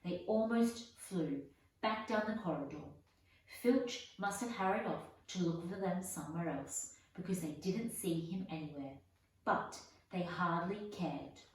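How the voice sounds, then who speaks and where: A woman reads a storybook aloud in a measured, unhurried manner. Her voice sits a little low, and she sounds far from the mic, with a heavy echo around her. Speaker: audiobook reader. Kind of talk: storybook narration. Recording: echoey room, voice from far off.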